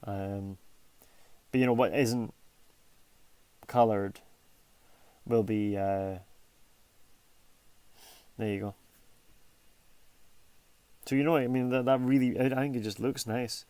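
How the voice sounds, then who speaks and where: A man at a middle pitch chats loosely as he works on a drawing. He rambles and restarts his sentences, sometimes trailing off into a near whisper. The tone is relaxed and offhand, like talking to viewers while concentrating on the work. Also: slow, pauses often, smooth, dry recording. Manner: rambling, self-interrupting, chatty. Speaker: artist streaming his drawing. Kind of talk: casual narration while drawing.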